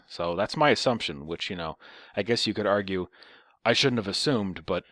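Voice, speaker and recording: A man's voice: sits low, lively intonation, normal speed, a bit bright, dry recording, studio quality. A young man telling a rambling, profane, sarcastic story in casual chat. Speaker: storyteller vlogger.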